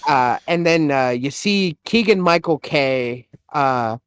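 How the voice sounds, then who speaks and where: A young man co-hosting a podcast, excitedly retelling a movie trailer in casual, swear-laden chat. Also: a little high, slow pace, clean tone, dry recording. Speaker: podcast co-host.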